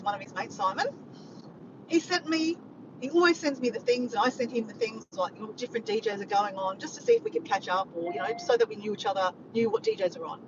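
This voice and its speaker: A woman with an Australian accent chatting excitedly to her viewers in a casual vlog, calling them guys. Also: a little high. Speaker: vlogger. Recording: dull lo-fi audio with clear background noise.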